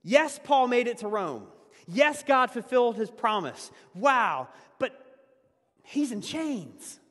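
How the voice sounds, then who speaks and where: A man preaching a conversational sermon as a pastor, laughing often and swinging between loud emphasis and hushed asides. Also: extremely high pitch, sing-song, slow, in a large hall.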